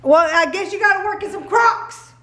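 A woman's voice: very high-pitched, fairly bright tone, echoey room. A woman with a Southern US accent, chatting playfully as a vlogger mom. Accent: Southern US Black English. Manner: playful, quick-talking, laughing. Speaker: vlogger, mother. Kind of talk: casual family vlog chat.

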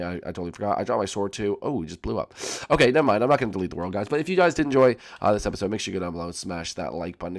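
A male gaming channel host giving excitable let's-play commentary, repeating himself and talking straight to his viewers. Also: on the low side.

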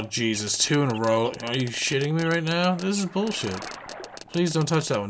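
A man giving lively let's play commentary on a fishing game, swearing and coaxing and scolding the fish as he plays. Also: fairly high pitch, moderate pace, background noise. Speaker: gaming channel host.

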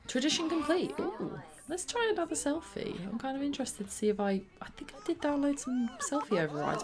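Bubbly woman with a lively, swooping voice. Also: a little high, creaky. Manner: bubbly, excitable; slips into soft whispers. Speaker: gaming channel host. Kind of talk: let's play commentary.

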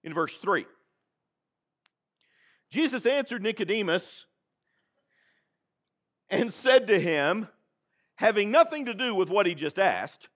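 A man with a Texan accent preaching a sermon in church, dramatic and animated, calling on the congregation to answer back. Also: sits high, slow pace, pauses often. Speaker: pastor. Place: church sanctuary.

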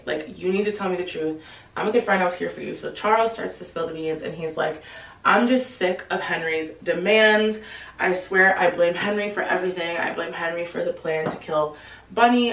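Young woman, casual book-recap host, chatty and animated in her character bits; roomy, slightly distant sound. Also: mid-range voice. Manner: chatty, acts out characters with slangy quoted lines. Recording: echoey room, voice set back from the mic.

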